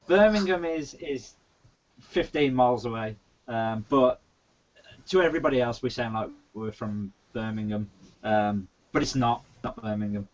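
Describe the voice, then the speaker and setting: A man's voice: mid-range voice, measured pace, darkish tone. West Midlands English man on a lo-fi video call. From England. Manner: easygoing, chuckles often. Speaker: guest author. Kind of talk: casual live-stream chat. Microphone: webcam or video call.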